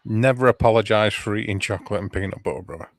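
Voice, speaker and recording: A man's voice: fairly low pitch, quick pace, dry recording. Dry, teasing man bantering. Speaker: co-host of a live survival chat show. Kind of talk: casual live-stream chat.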